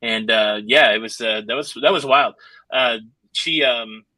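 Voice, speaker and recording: A man joining a live stream as a guest over a video call, joking with deadpan asides. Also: mid-range voice, a little slow, no room sound, poor audio. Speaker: cruise YouTuber guest. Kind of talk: casual live stream chat.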